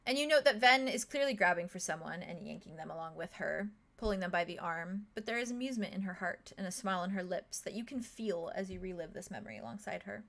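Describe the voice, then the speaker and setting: A woman's voice: lowish voice, quick pace, vocal fry, few pauses, a bit bright. Woman game master, casual narration. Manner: casual, many fillers, chuckles between lines.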